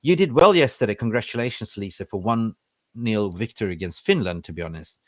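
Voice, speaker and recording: A man's voice: fairly low pitch, animated, a little fast, no room sound, studio quality. A man hosting a live fan podcast, reading out and greeting viewers from the chat with energy. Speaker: podcast host.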